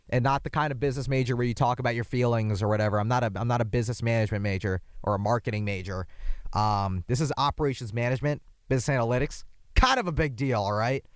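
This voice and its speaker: A young man hosting a podcast, his voice hoarse from yelling, rambling in a casual, self-deprecating monologue with jumpy asides. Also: medium pitch, fast, no echo, studio quality. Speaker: podcast host. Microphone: microphone.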